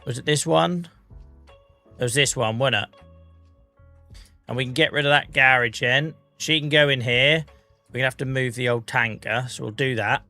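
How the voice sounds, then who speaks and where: A man's voice: medium pitch, normal speed, pushed and bright, no echo, soft background music. A man from the UK with an English regional accent chatting casually on a live gaming stream, a bit under the weather and coughing now and then, laughing often.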